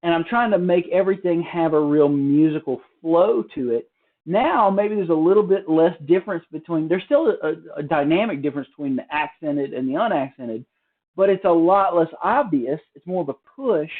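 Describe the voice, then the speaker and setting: A man giving a relaxed, casual drum lesson from a hotel room, explaining with fillers and restarts. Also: fairly high pitch, normal speed, narrow, tinny audio. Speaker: drum teacher. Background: drum practice pad.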